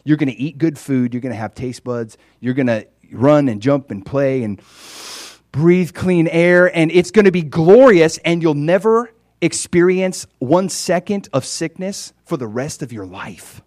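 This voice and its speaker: A man delivering a casual, conversational sermon in a dry, close-sounding space. His voice sits in an ordinary middle range, swinging from hushed asides to loud, emphatic peaks. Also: mid-range voice, expressive, moderate pace, hardly any pauses, dry recording. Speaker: preacher.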